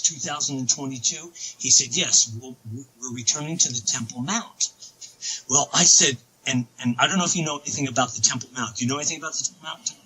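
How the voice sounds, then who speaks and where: A man telling a long story as a podcast guest, excitable and rambling, with many restarts. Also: on the high side, slight background noise, low-quality recording. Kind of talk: casual storytelling.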